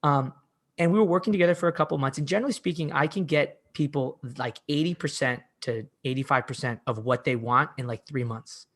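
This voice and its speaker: Pitched on the high side and a little fast, this man in his forties is a coach appearing as a podcast guest. His storytelling is casual and animated, packed with "like" and frequent restarts.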